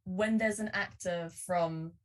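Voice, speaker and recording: A young woman chats casually as a podcast guest. Her voice sits a touch low and often breaks into laughter. She sounds slightly distant from the microphone. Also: steady tone, takes it slowly, a little hiss or hum. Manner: chatty, laughs often, trails off and restarts.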